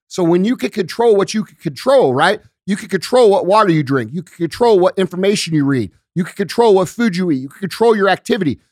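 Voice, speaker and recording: Profane, high-voiced male podcast host. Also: no room sound, studio quality. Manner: profane, blunt, emphatic; conversational, uses everyday analogies. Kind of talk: casual podcast rant. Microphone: studio podcast microphone.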